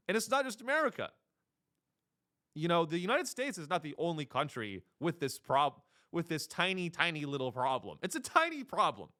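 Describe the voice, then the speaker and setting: A man's voice: a little high, very animated, normal speed, bright, forceful tone. A man hosting a comedy podcast, delivering a rambling, sarcastic, mock-earnest monologue. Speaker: podcast host.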